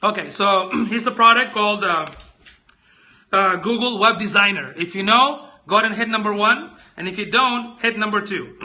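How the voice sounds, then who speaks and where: A man's voice: moderate pace, bright, forceful tone. A man hosting a casual live stream, chatting with viewers and asking them lots of questions as he walks through tech products. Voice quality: squeaky voice. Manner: chatty, addresses viewers directly, asks many questions.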